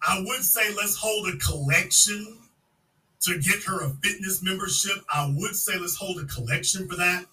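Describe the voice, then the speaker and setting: In a combative call-in segment recorded with his voice distant from the mic, a man talks over a caller and insults and mocks her. His voice sits high and sounds pushed and bright, at a normal speed.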